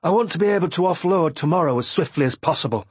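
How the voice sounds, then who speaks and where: A man voicing a brisk ship captain giving orders to his crew in an audiobook. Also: on the high side, expressive, a little mellow, breathy edge, dry recording, voice pushed up. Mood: commanding.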